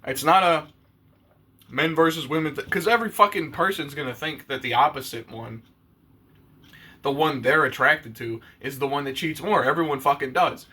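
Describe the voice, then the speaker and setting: Bright-voiced man ranting bluntly. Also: fairly high pitch, normal speed, slightly rough. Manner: blunt, profane, conversational. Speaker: YouTuber. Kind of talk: casual rant to camera.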